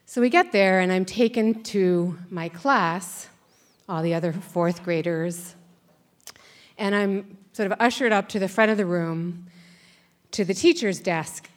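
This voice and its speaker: Older woman telling a story on stage, chatty and wry, does the voices herself. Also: fairly low pitch. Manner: conversational, wry, acts out voices. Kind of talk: live personal storytelling on stage. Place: stage before a live audience.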